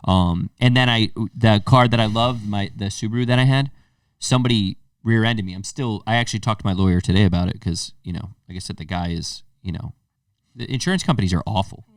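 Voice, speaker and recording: A man with a lowish voice co-hosts a casual podcast, spinning loose stories with plenty of swearing. He sits a little away from the microphone, and the room around him is dry. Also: a little fast, dry recording, recorded from a distance. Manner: loose, storytelling, swearing freely. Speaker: podcast co-host. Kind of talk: casual chat.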